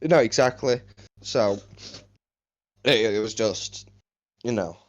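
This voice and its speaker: A man's voice: lowish voice, slow. A young man co-hosting a podcast, chatting in a laid-back way and often chuckling. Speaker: podcast co-host. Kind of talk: casual chat.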